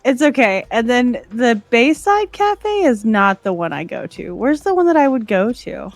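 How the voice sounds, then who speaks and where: A woman chatting as a player at a tabletop game, excitable and swearing freely. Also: a little high, normal speed, no room sound, soft background music. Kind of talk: casual chat at a tabletop game.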